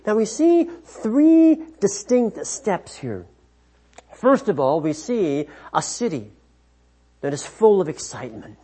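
Male preacher, husky tone, unhurried, lively pitch, measured sermon delivery. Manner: slow, measured, with frequent restarts.

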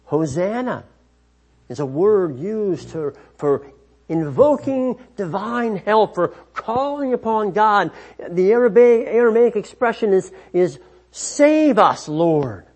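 A man preaching a sermon, slow and measured, often restarting his phrases. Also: high-pitched, expressive, darkish tone.

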